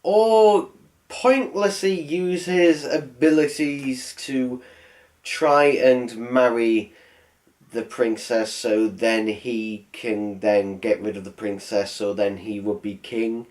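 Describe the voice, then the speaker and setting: Slow, sarcastic reviewer man. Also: medium pitch, fairly even intonation, darkish tone. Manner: sarcastic, rambling, swears. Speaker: film reviewer. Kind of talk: comedic film review voice-over.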